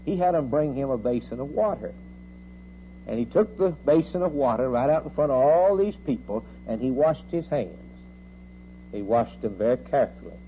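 A man's voice: lively intonation, moderate pace. Man preaching on a tinny old recording. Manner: rhetorical questions, rising to loud outbursts then dropping low. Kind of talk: sermon. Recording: tinny phone-like old sermon recording with faint hum.

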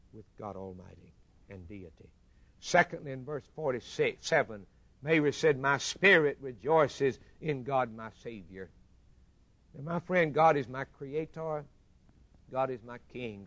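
A man preaching a sermon, swinging between loud rising lines and hushed low ones. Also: no echo. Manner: preaching with swelling rises and hushed low drops.

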